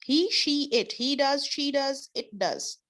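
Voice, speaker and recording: A woman's voice: high voice, animated, takes it slowly, fairly bright tone. A woman teaching an online class, explaining patiently with repeated examples. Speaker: English teacher.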